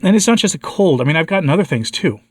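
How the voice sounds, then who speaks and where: An American man with a congested and slightly hoarse voice, giving a candid personal update to his viewers and asking them for advice. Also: fairly high pitch, animated, fast talker, no echo, clean studio sound. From United States. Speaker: vlogger, channel host.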